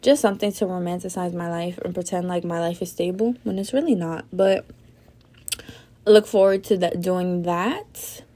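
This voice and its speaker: A young woman hosts a casual solo podcast, speaking at a normal speed in a lowish voice with a dark tone. Sleepy and yawning, she rambles along with plenty of fillers and swearing.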